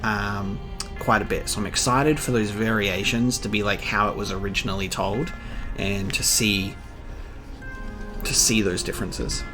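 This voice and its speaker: A man's voice: fairly low pitch, steady tone, moderate pace, music in the background. A man hosting a casual manga read-along, chatty and musing, often laughing and trailing off with fillers. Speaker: reaction channel host.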